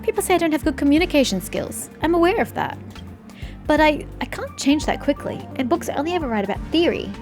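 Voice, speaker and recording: A woman reading game dialogue aloud, voicing a blunt, sharp-tongued young woman researcher who is secretly socially awkward. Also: sits high, sing-song, a little fast, music in the background, pitched above the performer's own voice. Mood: flustered. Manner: curt and prickly, turning flustered.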